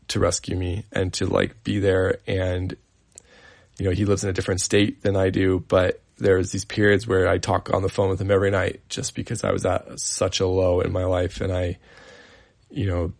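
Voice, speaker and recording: A man in his thirties hosting a podcast, telling a personal story in an earnest, halting way with many fillers and restarts. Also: low-pitched, monotone, gravelly, darkish tone. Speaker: podcast host.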